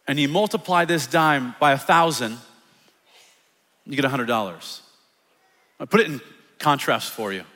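High-voiced, energetic male preacher. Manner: energetic, animated preaching with acted-out quotes. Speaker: pastor. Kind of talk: sermon. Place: church sanctuary. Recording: long church reverb.

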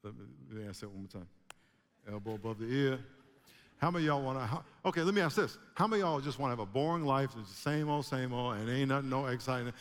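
A man preaching a sermon to a congregation, animated, with emphatic rising bursts. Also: medium pitch, fast. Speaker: pastor. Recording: long hall reverb.

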